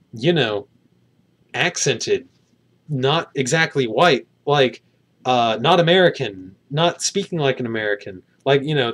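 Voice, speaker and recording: Rambling, hedging male film reviewer. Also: mid-range voice. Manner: rambling, hedging, many fillers. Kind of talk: casual spoken review.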